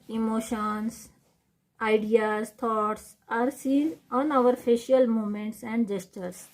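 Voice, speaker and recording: A woman teaching a lesson on reading techniques, defining each term slowly and repeating it. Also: fairly high pitch, darkish tone. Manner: slow, repetitive, defining terms one by one. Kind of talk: classroom lecture on reading techniques.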